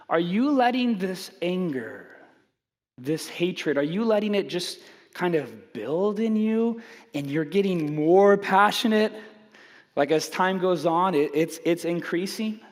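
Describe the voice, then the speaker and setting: High-voiced pastor preaching in a big hall. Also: male voice. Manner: animated, self-mocking, acts out voices. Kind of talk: sermon with humorous storytelling.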